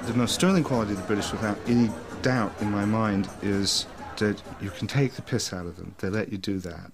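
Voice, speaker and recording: A man's voice: lowish voice, steady tone, a little fast, over music. A man who writes books, musing thoughtfully in an interview.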